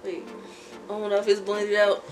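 A woman's voice: medium pitch, completely flat delivery, moderate pace, over music. A young woman vlogging at home, telling rambling stories while doing her makeup. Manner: chatty, rambling storytelling with frequent laughs. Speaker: beauty vlogger.

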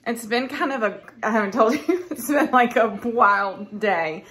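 A woman's voice: a little high, animated, a little slow, fairly bright tone, slightly rough, low-quality recording. A woman chatting casually in her farm vlog, laughing often and talking straight to her handheld phone. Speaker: farm wife vlogger.

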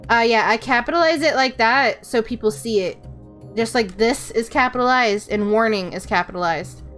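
A woman livestreaming a game, talking loosely and answering her chat with casual swearing. Her voice sits a little high, and soft game music plays under her. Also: moderate pace. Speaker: VTuber streamer.

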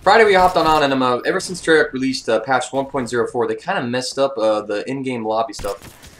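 A man's voice: medium pitch, fairly quick, a bit bright. A young man, a gaming YouTuber, chatting casually over gameplay in a rambling way with many fillers.

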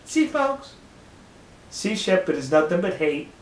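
A man, speaking, delivers a mocking, emphatic opinion rant to his viewers, stressing words slowly. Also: high voice, very animated, echoey room. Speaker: video commentator. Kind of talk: ranting opinion monologue.

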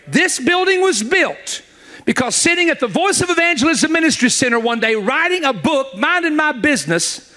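A man preaching a sermon to a church congregation, telling stories with jokes and quick asides to his listeners. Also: very high-pitched. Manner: animated, joking storyteller with quick asides; speaks directly to the audience.

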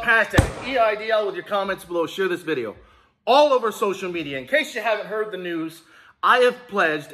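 This high-pitched male voice sounds pushed and bright. The host of a small business vlog, he speaks casually to viewers, getting them fired up before things turn emotional.

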